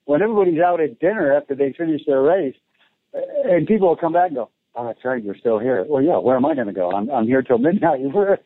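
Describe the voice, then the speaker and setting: A man's voice: on the high side, quick pace. A man, a race announcer, telling stories in a casual interview, acting out voices and laughing often. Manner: animated storyteller, acts out voices, laughs often. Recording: tinny phone line.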